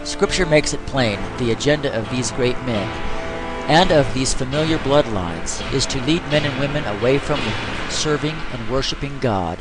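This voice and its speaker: A man's voice: medium pitch, lively intonation, normal speed, loud music behind the voice, low-quality recording. A man giving scripted narration in a grave, warning tone.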